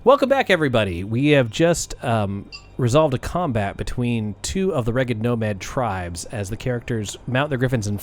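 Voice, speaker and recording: A man running a tabletop game as dungeon master, narrating scenes with frequent fillers. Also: medium pitch.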